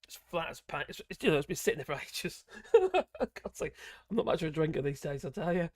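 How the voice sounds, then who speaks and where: A man's voice: on the high side, very animated, a little fast, a little mellow, no room sound, clean studio sound. A man hosting a live politics stream, rambling and blunt, swearing freely and chuckling as he talks. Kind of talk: casual live-stream commentary.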